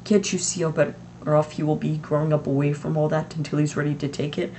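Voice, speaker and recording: A teenage reader voicing a wise, calm elderly male wizard headmaster in an amateur audiobook, speaking in measured explanations. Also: mid-range voice, noisy background, lightly acted.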